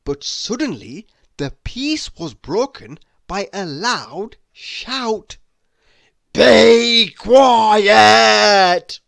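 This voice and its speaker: A man reading a children's picture book aloud in a slow, expressive storytelling voice. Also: high-pitched, no room sound, studio quality. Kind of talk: children's read-aloud narration.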